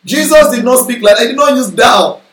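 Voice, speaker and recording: Male Bible teacher, high-pitched, sermon delivery, echoey room, frequent check-ins with the audience. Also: expressive, a little fast, fairly bright tone. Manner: explanatory, checks in with listeners often.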